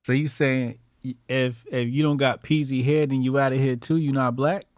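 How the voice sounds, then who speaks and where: A man's voice: mid-range voice, steady tone, normal speed, a little mellow, dry recording, studio quality. A man co-hosting a podcast in casual chat, teasing and pressing his partner with questions. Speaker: podcast co-host.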